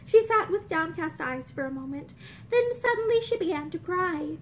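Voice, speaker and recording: A young woman reading a novel aloud with expressive, lively storytelling. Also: extremely high pitch, moderate pace, slight background noise, poor audio. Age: young adult. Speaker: audiobook reader. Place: indoors, room with bookshelves.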